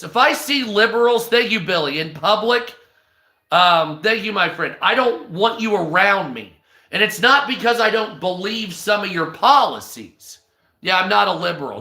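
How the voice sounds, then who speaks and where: A man's voice: sits high, bright, forceful tone. A man on a livestream, delivering a crude, heavily profane rant and thanking viewers mid-sentence. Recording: echoey room.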